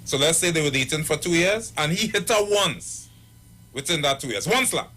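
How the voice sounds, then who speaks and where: A man speaking as a pastor on a radio talk show, his voice bright and a little high. He tells stories with energy and slips into the voices of the people in them. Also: normal speed. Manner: animated storyteller acting out quoted voices. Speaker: pastor and marriage counselor. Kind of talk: radio talk, storytelling advice.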